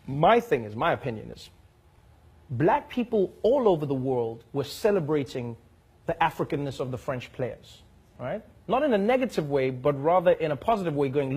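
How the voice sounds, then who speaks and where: A man's voice: fairly high pitch, sing-song, normal speed, a little mellow, husky. A man hosting a comedy show, delivering a joking monologue that builds up to punchlines.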